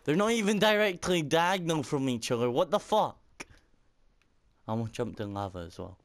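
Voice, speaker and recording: A man's voice: fairly high pitch, animated, moderate pace. A young man commenting on a game from his room at home, frustrated, swearing and laughing at himself. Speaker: gaming YouTuber. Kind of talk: let's-play commentary. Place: room at home with window open. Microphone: microphone at computer.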